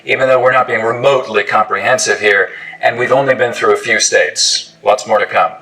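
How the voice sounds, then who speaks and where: A man's voice: lowish voice, fairly even intonation, brisk, noisy background. A man, an accent expert, giving scripted educational narration and modelling sounds and words aloud.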